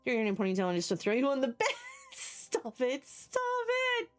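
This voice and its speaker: A woman's voice: on the high side, huge pitch swings, moderate pace, faint music behind. A woman streaming live who chats casually with her viewers, rambling, swearing freely and laughing often. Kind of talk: casual chat. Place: home basement.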